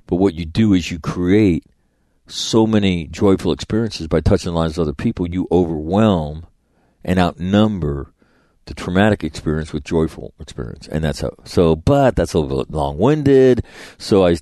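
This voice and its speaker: Blunt, deep-voiced man telling stories. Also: expressive, normal speed, warm tone, dry recording, studio quality. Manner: blunt, profane, rambling, with many restarts. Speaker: podcast host and public speaker. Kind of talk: casual storytelling monologue.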